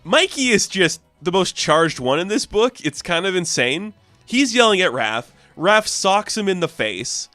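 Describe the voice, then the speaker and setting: A man's voice: high-pitched, sing-song, unhurried, pushed and bright, dry recording, soft background music. Casual male comic book reviewer. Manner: enthusiastic, loose, lots of "like" fillers.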